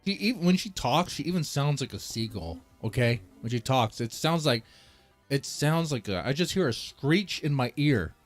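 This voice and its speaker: A man's voice: medium pitch, animated, moderate pace, soft background music. A man hosting a casual commentary stream, rambling and mocking, with many restarts.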